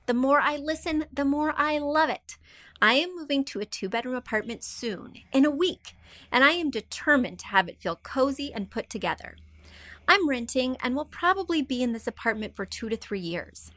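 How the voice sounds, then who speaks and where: Woman podcast host, higher register, chatty and self-deprecating, dry close recording. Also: expressive, normal speed, pushed and bright, no echo. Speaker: podcast host, interior designer. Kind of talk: casual podcast advice, reading listener emails.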